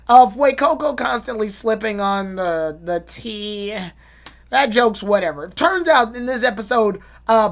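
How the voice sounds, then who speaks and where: A woman giving a casual, rambling and opinionated episode review with swearing and restarts. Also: medium pitch. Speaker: anime reviewer.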